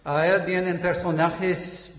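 A man's voice: high-pitched, little pitch movement, unhurried. Preacher, Midwestern American man, explaining a skit in a dull-sounding echoing hall. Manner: explanatory, inviting. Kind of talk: bilingual sermon introduction.

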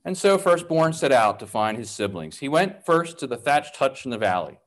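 A male storyteller narrates a parable with a measured, expressive delivery. His pitch rises and falls widely across each phrase, giving an animated read.

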